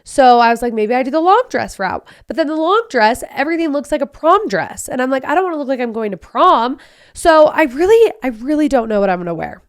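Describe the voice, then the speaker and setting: A woman in her thirties talks through her week on her own podcast, chatty and animated. She tells stories quickly, with lots of asides. Her voice sits a bit high. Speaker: podcast host. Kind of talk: casual solo podcast chat.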